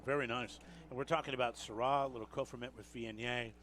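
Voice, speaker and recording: Fast, bright-voiced radio host. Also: male voice, mid-range voice, fairly even intonation, a little hiss or hum. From Washington State. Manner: upbeat, quick promotional patter. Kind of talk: live radio wine chat. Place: outdoor live broadcast at a market square.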